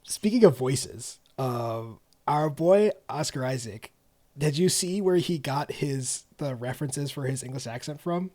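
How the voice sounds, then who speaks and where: Animated man co-hosting a podcast. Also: medium pitch, measured pace. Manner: animated, laughs often, lots of restarts. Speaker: podcast co-host. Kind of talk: casual chat.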